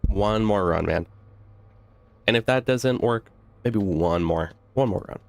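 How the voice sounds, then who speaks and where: A man's voice: on the low side, measured pace, vocal fry, dry recording. A young man giving casual gameplay commentary with joking, rambling asides to viewers. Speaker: gaming video host.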